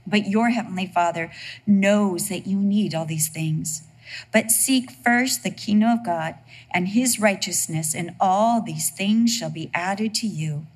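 A woman preaching a sermon in a lively, humorous storytelling way. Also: mid-range voice, unhurried, husky.

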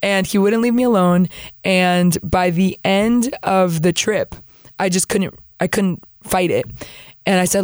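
A young woman from Peru, a guest telling her faith story in animated conversation, acting out what others said and laughing often. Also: on the low side, normal speed, no echo, studio quality. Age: young adult. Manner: animated, acts out quoted voices, laughs often. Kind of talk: lively storytelling testimony.

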